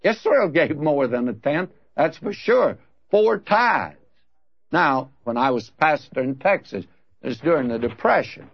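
Older man, radio bible teacher, folksy storytelling, slightly high voice, dry dull lo-fi sound. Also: lively intonation, measured pace, husky, dry recording. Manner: folksy storytelling, emphatic rising questions.

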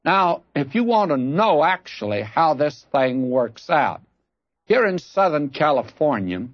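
A man's voice: a little high, very animated, unhurried, dry recording, dull audio. An older man teaching the Bible on radio, telling folksy stories and throwing out emphatic questions.

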